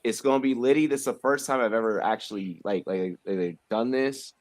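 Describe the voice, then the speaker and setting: A man hosting a casual livestream show, talking in an animated, rambling way full of fillers and repeats. His voice is mid-pitched and close and dry, with little room sound. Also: brisk, dry recording. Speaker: host.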